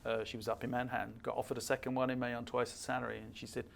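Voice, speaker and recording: A man's voice: mid-range voice, little pitch movement, very fast, creaky, a little hiss or hum. An older man, a guest speaker at a fireside chat, telling stories emphatically and acting out the dialogue.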